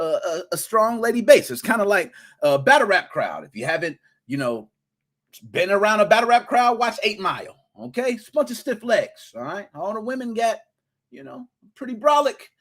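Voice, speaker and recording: A man hosting a live gaming podcast, giving playful, hyped-up shout-outs to his chat with slang and rhymes. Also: on the high side. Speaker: podcast host.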